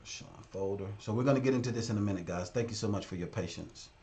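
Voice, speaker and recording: A man's voice: lowish voice, fast, mellow, a little hiss or hum. A man hosting a casual live stream as a business consultant, talking straight to his viewers in a blunt, direct way. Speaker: livestream host and business consultant.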